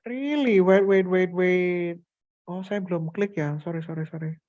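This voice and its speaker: Indonesian-accented guy demoing software on a call, rambly, lots of fillers, kinda muffled. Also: sits high, moderate pace, no room sound. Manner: chatty, code-switching, filler-heavy. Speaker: teacher-training workshop presenter. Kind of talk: online workshop tech demo.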